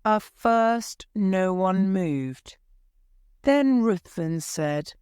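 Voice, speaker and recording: Lady narrating a dramatic story, deliberate, dry close sound, unhurried. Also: medium pitch, expressive, a little mellow, smooth, no echo. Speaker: story reader. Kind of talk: slow storybook reading for English learners.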